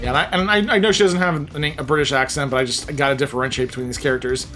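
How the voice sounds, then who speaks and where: A man's voice: medium pitch, steady tone, rapid-fire, pushed and bright, soft background music. A man casually commenting and joking while playing a story video game. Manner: chatty, joking, reading game text aloud. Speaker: let's play host.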